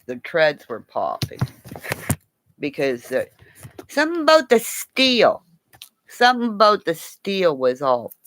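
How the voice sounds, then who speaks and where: A woman rambling in a casual live chat from her home, drifting between stories and cooing baby talk to her dog. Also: on the low side. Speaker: vlogger. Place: at home, indoors.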